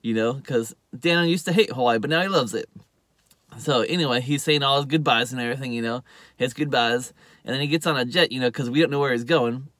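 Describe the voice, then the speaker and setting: A man gives a loose, rambling recap of a TV episode, filling it with "uh" and "you know." His voice is bright and forceful, recorded dry and close with no room sound. When he quotes the characters, he jumps louder and higher. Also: fast talker, no room sound. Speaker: TV show reviewer. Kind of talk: casual spoken recap.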